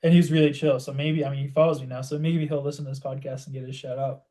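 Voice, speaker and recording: A young man co-hosting a podcast, telling a story in animated casual chat and saying "like" constantly. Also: medium pitch, rapid-fire. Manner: animated storytelling, heavy use of "like". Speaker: podcast co-host.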